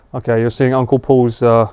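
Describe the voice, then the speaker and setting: This man is broadcasting a live stream from home in the late hours, talking casually and now and then switching to a high, sing-song baby voice for his dog. His tone is smooth and leans darkish.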